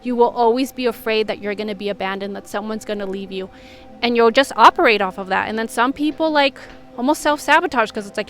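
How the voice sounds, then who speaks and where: Earnest woman, bright higher voice. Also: a little fast, faint music behind. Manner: candid and earnest, frequent "like" fillers. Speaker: spiritual healing coach. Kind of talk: casual vlog monologue.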